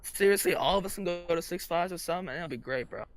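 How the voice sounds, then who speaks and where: A young man co-hosting a casual podcast, loud and excitable as he retells stories. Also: high-pitched, quick pace, over loud music. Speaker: podcast co-host. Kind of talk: casual chat.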